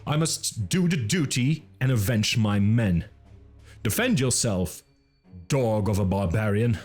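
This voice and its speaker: A man voicing a proud, grim mercenary captain in an audiobook, speaking in a grating, stern voice a little higher than his narration. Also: lively intonation, measured pace, a little mellow, soft background music.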